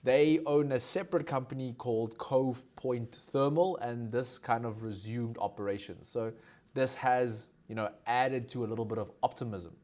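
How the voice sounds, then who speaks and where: A man's voice: medium pitch, normal speed, a little mellow. A South African man hosting a live market analysis stream, talking casually with many fillers and asking viewers to comment. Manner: conversational, lots of fillers, asks viewers for comments.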